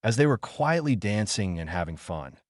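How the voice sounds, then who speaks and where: A man's voice: on the low side, sing-song, moderate pace, dry recording, clean studio sound. A man narrating a manga story recap in a casual storytelling manner.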